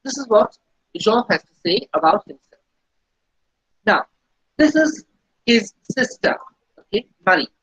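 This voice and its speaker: A woman teaching a beginner French lesson, explaining slowly and patiently and repeating each phrase. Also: fairly high pitch, big pitch swings, breathy edge, no echo. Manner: slow, patient explaining with repetition. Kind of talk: recorded language lesson. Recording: dull lo-fi recording.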